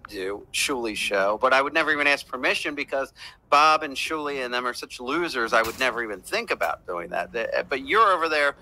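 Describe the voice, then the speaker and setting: A male podcast guest with a mid-pitched, very bright voice. He chats casually, stalling with frequent "uh"s as he gathers his thoughts. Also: animated, brisk, a little hiss or hum, poor audio. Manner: hesitant, filler-heavy. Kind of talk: casual chat.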